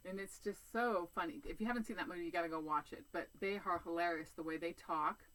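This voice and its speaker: Sitting outdoors, a cross-stitch vlogger chats casually with her viewers, rambling along with many fillers and restarts. Her voice is on the low side and fairly bright, her pace quick, and the recording rough.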